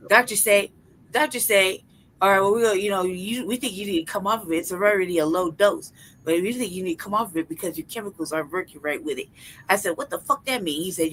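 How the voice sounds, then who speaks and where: On a podcast she co-hosts, a young woman shares profane, animated stories in casual conversation, breaking into frequent laughter. Her pitch is fairly low, and the recording is rough.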